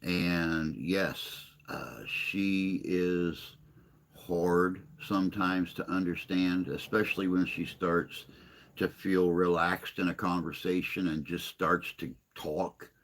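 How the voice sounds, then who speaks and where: A man hosting a casual livestream chat, answering viewer comments in a rambling, hesitant way with long pauses. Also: sits low, steady tone. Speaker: livestream host.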